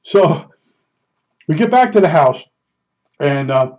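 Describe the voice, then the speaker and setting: A man with a somewhat high voice tells his stories casually, rambling and chuckling at himself. The sound is dull and lo-fi. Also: very animated, slow pace, a little mellow. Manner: rambling, chuckling, self-deprecating. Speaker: storyteller. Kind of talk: casual storytelling. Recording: dull lo-fi recording.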